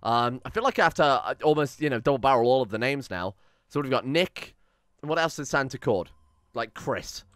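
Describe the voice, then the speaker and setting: A man's voice: mid-range voice, expressive, a little fast, fairly bright tone, no room sound. A man giving rambling, swearing let's-play commentary on a strategy game and reading out its event text with drama. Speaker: gaming channel host.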